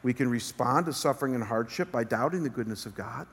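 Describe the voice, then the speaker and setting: A man's voice: mid-range voice, fast talker, fairly bright tone, slightly rough. Man preaching in a reverberant hall. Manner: earnest preaching with rising emphasis. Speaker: pastor. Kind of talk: sermon. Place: church stage. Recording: long reverb of a large hall.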